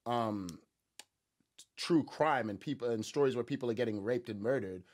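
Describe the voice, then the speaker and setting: A man's voice: medium pitch, normal speed. A man giving casual reaction commentary on a news clip, sarcastic and mocking, rambling with many restarts and repeated words.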